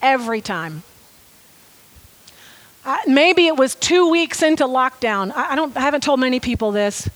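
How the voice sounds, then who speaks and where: A woman preaching a sermon, telling a story with lively, animated delivery and acting out quoted lines. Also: high voice, moderate pace, pauses often.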